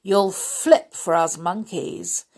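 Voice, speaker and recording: A woman voicing a band of mischievous wild monkeys, with a gleeful, teasing, drawn-out delivery. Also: medium pitch, a little mellow.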